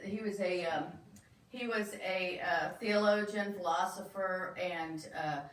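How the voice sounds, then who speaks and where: A woman's voice: mid-range voice, fairly even intonation, slow, fairly bright tone. A woman minister giving a sermon in a church, talking conversationally and asking the congregation questions. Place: church sanctuary. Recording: echoey room from far off.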